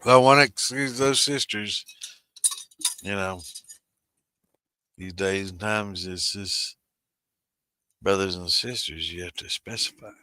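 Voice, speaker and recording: A deep-voiced man in his sixties rambles through a casual livestream, swearing freely and calling out his viewers by name. His tone is bright and forceful, and the sound is dry and close, with no room around it. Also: slow, pauses often, no echo. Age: 60s. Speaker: host of a moonshine livestream.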